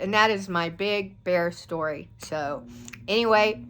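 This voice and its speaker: A woman telling a long personal story to her viewers in a rambling, animated way. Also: mid-range voice, measured pace. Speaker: vlogger. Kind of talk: casual storytelling to camera.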